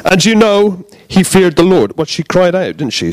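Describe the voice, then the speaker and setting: A man giving a relaxed, jokey sermon in a church, bantering with the congregation. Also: sits high, moderate pace, few pauses, no room sound. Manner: chatty, jokey, self-deprecating. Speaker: preacher.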